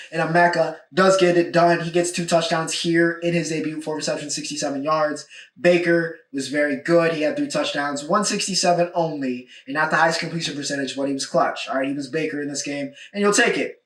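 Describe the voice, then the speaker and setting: A young male podcast host delivers a solo sports recap in a casual, emphatic way, hammering his points home with repeated "all right?" tags. His voice is slightly high and a bit bright. The mic sits at a distance in a roomy, echoey space.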